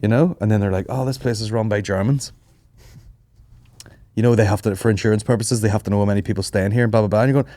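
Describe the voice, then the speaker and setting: A man with a low voice chats on a podcast, swearing freely and acting out the people in his stories. The sound is close and dry, with no room around it. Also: fast, dry recording. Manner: swearing, animated storytelling with mimicked voices. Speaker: podcast host. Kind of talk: casual chat.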